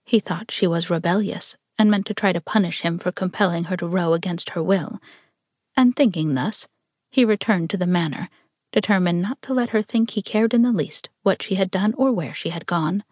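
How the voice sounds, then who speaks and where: A woman narrating an audiobook in a steady, measured reading manner. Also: fairly low pitch, no room sound, studio quality.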